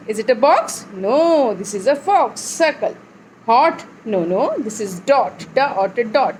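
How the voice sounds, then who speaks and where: A high-voiced woman teaches phonics to small children, speaking slowly and stretching each sound in a sing-song way. A faint background noise sits behind her. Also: very animated, low-quality recording. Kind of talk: phonics lesson for young children.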